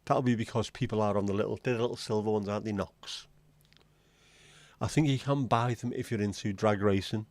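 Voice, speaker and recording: A man's voice: on the low side, fairly even intonation, brisk, a little mellow, dry recording. A man hosting a livestream, chatting casually and rambling from one joke to the next as he addresses his viewers. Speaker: livestream host.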